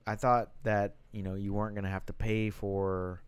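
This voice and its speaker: A man's voice: fairly low pitch, level tone, normal speed, clear, resonant tone, no room sound. A man co-hosting a casual podcast, teasing his partner bluntly and swearing freely. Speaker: podcast co-host. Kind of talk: casual chat.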